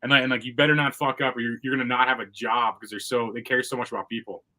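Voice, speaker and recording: Fast, bright-voiced blunt man. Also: mid-range voice, steady tone, poor audio. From United States. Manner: blunt, mocking, full of "I mean" and "like". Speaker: podcast host. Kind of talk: casual podcast chat.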